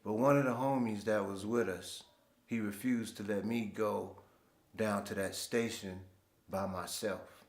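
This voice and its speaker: A man with a fairly low, steady voice speaks a little slowly as he tells stories on his own show, laid-back and full of slang. The room sounds echoey, and it's a casual monologue.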